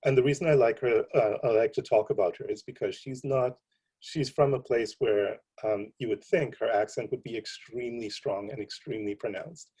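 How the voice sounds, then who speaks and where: A man, a computer science professor, giving a seminar lecture in a relaxed, conversational way, full of ums and you-knows. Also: medium pitch, moderate pace, breathy edge, rough recording.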